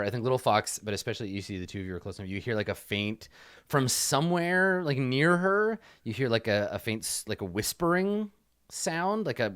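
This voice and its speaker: Low-voiced male game master narrating. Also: a bit bright, clean tone, dry recording, studio quality. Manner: casual, descriptive, many fillers.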